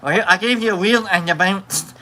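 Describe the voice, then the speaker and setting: A man's voice: high voice, brisk, pushed and bright, slight background noise, low-quality recording. A man hosting a livestream, reading out and greeting viewer comments in a rambling, playful chat full of fillers and restarts. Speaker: livestream host.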